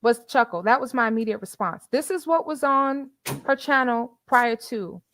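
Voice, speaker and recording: A woman's voice: fairly high pitch, moderate pace, a bit bright, a little hiss or hum. Chatty woman livestream host. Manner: chatty, preachy, quotes scripture; repeats phrases, many fillers. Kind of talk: casual livestream commentary.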